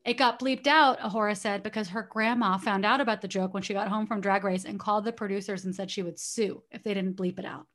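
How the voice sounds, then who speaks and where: A woman co-hosting a casual chat, telling gossipy stories in an animated way. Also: medium pitch, fast talker, hardly any pauses. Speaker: podcast co-host.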